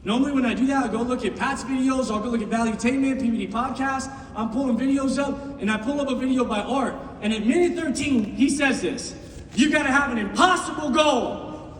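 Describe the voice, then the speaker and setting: Middle-aged man, motivational speaker, impassioned, very high voice, distant mic. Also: brisk, hardly any pauses, slight background noise. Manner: impassioned, swings from shouting to hushed. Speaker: business team leader speaking to recruits. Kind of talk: motivational speech. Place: large meeting room with an audience. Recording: echoey hall, mic far off.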